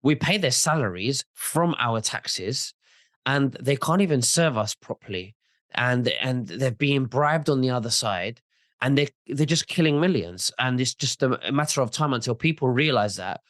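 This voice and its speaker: A man's voice: mid-range voice, animated, moderate pace, a bit bright, dry recording, studio quality. A man in a casual video interview who speaks insistently and often repeats words as he starts a point.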